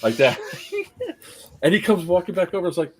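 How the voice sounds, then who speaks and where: A man telling a story casually on a live stream, animated, laughing often and acting out the people in it. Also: high-pitched, a little fast.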